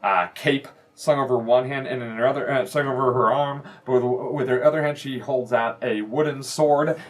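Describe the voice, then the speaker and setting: A man serving as game master, narrating a tabletop game in a descriptive, halting way. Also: mid-range voice, fairly even intonation. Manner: descriptive, halting, full of fillers.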